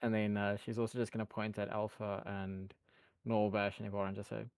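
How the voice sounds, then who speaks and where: A man playing a tabletop game, relaxed and joking. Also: lowish voice, a little fast, clean tone, dry recording. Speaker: player.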